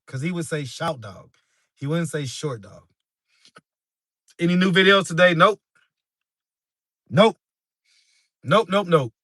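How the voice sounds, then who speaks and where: Brief: easygoing male host chatting live with viewers, bright tone, dry close sound, laughs easily. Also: fairly high pitch, no echo. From New York. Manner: laid-back, laughs often, talks straight to the chat. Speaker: street interview channel host. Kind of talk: casual livestream chat with viewers.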